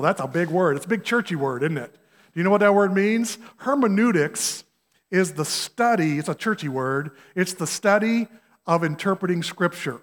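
Male guest preacher, slightly high voice, chatty and folksy, long hall echo. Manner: conversational, asks the congregation questions, folksy examples. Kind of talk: sermon. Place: church sanctuary.

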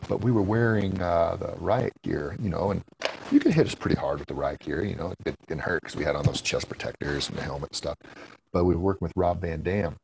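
A man with a very low, gravelly voice tells long, rambling stories in a casual interview chat. He laughs often and swears freely, and faint noise sits behind him. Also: lively intonation, a little fast, darkish tone, rough recording. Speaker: guest, former wrestler.

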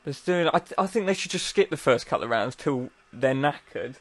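A man's voice: a little high, animated, fairly quick, dry recording. A man, chatting casually and joking dryly about a boxing match he is watching. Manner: dry, self-mocking, jokey.

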